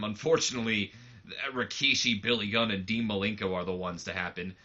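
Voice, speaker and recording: A man's voice: lowish voice, bright, forceful tone. A man giving casual let's play commentary on a wrestling game, rambling loosely with lots of fillers, on a slightly muffled mic.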